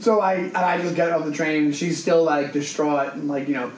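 A man with a somewhat high voice tells a story in a loose, chatty way and slips into the voices of the people in it. He is recorded in an echoey room, with a faint hiss underneath. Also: moderate pace. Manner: animated storyteller who acts out other people's voices. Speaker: podcast co-host. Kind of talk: casual storytelling chat.

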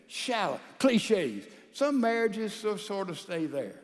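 Man, pastor, emphatic sermon delivery, high-pitched for a man, reverberant sanctuary. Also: big pitch swings, slow pace, hardly any pauses. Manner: emphatic, calls out to the congregation, swings loud to soft. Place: large church sanctuary with a balcony.

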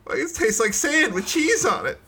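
A man's voice: very high-pitched, big pitch swings, moderate pace, pushed and bright. A man co-hosting a podcast, telling easygoing personal stories. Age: 20s or older. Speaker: podcast co-host. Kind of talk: casual chat.

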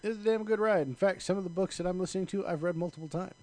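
A man's voice: sits high, very fast, darkish tone. A man co-hosting a podcast, blunt and teasing as he argues in casual banter. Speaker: podcast co-host.

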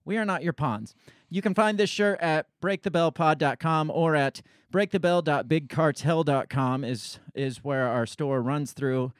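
A man hosting a podcast in a loose, rambling way, blunt and quick to swear. His voice sits a touch high. The sound is dry and close, with no room in it. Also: smooth, dry recording. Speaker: podcast host. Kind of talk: casual political podcast chat.

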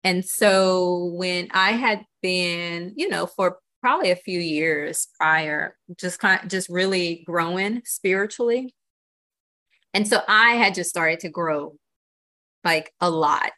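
Earnest, bright-toned woman guest. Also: on the low side, takes it slowly. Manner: earnest and reflective, many "you know" and "right?". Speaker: podcast guest. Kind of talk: candid interview conversation.

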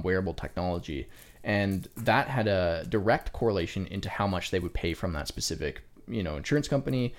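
A young man co-hosting a podcast, chatting casually and rambling with lots of fillers and casual swearing. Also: on the low side. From Canada. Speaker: podcast co-host. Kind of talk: casual chat.

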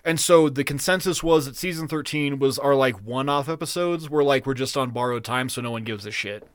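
A man co-hosting a podcast in casual chat, rambling, profane and excitable. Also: medium pitch, fairly quick, no room sound, studio quality. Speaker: podcast co-host.

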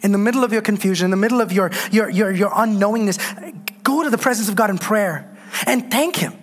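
A woman's voice: mid-range voice, fast. A woman preaching a sermon, repeating phrases for emphasis and calling on the congregation to answer her. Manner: exhorting, calls on the congregation to respond.

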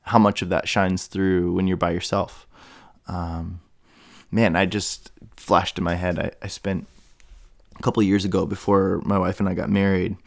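A man's voice: deep voice, flat delivery, normal speed, vocal fry, dry recording, studio quality. A man hosting a solo podcast, thinking aloud in a meandering way with many fillers and restarts. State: has the hiccups. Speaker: podcast host. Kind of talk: rambling solo podcast monologue.

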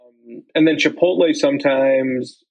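Husky-voiced young man telling rambling stories. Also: mid-range voice, unhurried, highs cut off. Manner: rambling storyteller, lots of likes and ums. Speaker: podcast co-host. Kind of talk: casual chat.

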